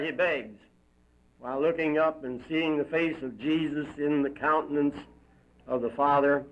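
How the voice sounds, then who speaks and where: A man's voice: a little high, steady tone, a little slow. A man giving an emphatic, dramatic reading of a moral story. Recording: dull lo-fi recording.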